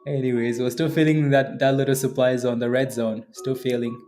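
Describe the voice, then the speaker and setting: Giggly, mellow-voiced male trading streamer. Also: mid-range voice, little pitch movement, brisk, faint music behind. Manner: chatty, giggly, answers chat by name. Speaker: day trading livestream host. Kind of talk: casual live commentary.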